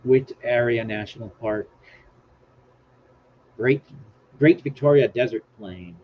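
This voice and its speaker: A man's voice: mid-range voice, slow. A man hosting a casual live stream, rambling and joking about himself as he reads things off his screen aloud. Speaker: livestream host. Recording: dull lo-fi stream audio with faint hiss.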